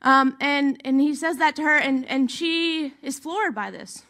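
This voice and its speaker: Bright, high-voiced woman preaching. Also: measured pace. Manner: conversational preaching, often checks in with "right?". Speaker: pastor. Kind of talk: sermon.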